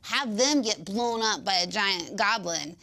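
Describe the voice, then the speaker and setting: A woman's voice: mid-range voice, animated, a little slow, gravelly, bright, forceful tone. A young woman guest with an unusual speaking voice, chatting casually in an interview and restarting her sentences with fillers. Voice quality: unique speaking voice.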